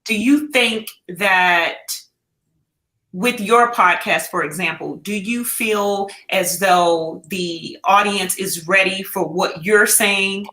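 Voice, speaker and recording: Bright woman host in echoey room. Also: mid-range voice, takes it slowly. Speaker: host of virtual book launch. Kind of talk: casual panel conversation. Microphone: video call microphone.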